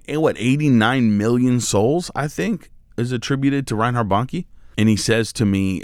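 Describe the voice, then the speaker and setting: A man's voice: fairly low pitch, normal speed, clear, resonant tone, no room sound, studio quality. A male pastor giving a devotional sermon in a casual, conversational way, with lots of filler words.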